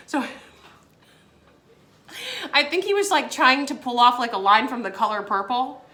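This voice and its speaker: Young woman vlogger, giggly storyteller, higher pitch, bright tone. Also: lively intonation, normal speed. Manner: giggly, laughs between phrases, many fillers. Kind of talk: casual storytime chat.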